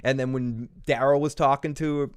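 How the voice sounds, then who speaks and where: A man's voice: medium pitch, fairly even intonation, a little fast, smooth. A man hosting a casual live review show, rambling and swearing, laughing between points. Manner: rambling, profane, laughs often. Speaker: show host. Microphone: small recorder on the desk.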